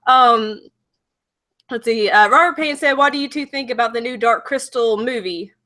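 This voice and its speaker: A young woman with a Southern US accent chats as a livestream host. Her voice sits fairly high and sounds bright and forceful. She talks in a rambling way, full of "like"s and quick apologies. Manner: chatty, apologetic, lots of "like". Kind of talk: casual livestream chat.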